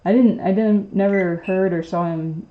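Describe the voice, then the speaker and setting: A woman's voice: medium pitch, steady tone, normal speed, narrow, tinny audio, background noise. A woman host casually telling a long story on a livestream, rambling with many fillers and restarts. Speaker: pet bird channel host.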